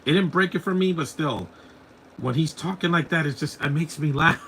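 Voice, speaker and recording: A man's voice: fairly high pitch, moderate pace, a bit bright, slight background noise, poor audio. A man giving casual live commentary over a film, mocking it and chuckling often.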